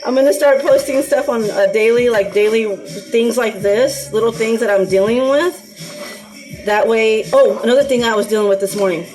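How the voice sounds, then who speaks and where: An anxiety vlogger chats casually while cooking for her dogs, rambling along with plenty of ums and laughs. Her slightly high, somewhat mellow voice moves at a normal speed over soft background music in a low-quality recording.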